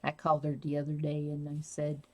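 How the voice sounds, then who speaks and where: A woman's voice: low-pitched, completely flat delivery, fairly quick. A woman hosting a casual live stream, rambling and answering viewer comments as she talks.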